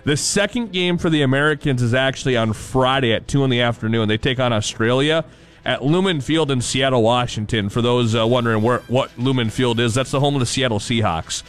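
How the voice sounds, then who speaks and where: A man at a mid pitch delivering a radio sports report. He chats with energetic stammering restarts, then reads out fixtures and times in a steady voice. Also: fairly quick.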